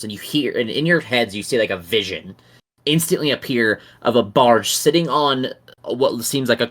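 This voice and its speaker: A male game master narrating a tabletop game in a relaxed, offhand way, with casual swearing. His voice sits at an ordinary middle pitch. He often stumbles and restarts while reading. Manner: casual and profane, reads aloud with restarts.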